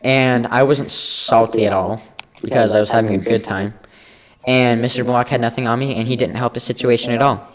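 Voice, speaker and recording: A teenage boy co-hosting a casual podcast, telling a long school story. He is animated and jumps into the voices of the people he quotes. His voice sits at an ordinary middle pitch. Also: moderate pace. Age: teens. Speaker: podcast co-host.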